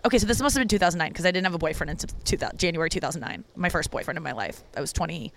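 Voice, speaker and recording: A woman's voice: racing, few pauses, a little hiss or hum. A woman comedian telling a personal story in casual monologue. She is candid and profane, with lots of "like" fillers. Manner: animated when quoting people, with big pitch jumps. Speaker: stand-up comedian.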